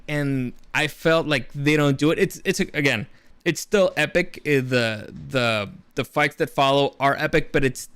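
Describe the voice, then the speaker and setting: A man's voice: on the high side, fairly bright tone, smooth, no room sound. Rambling man reviewing movies. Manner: rambling, many restarts, enthusiastic. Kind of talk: casual spoken film review.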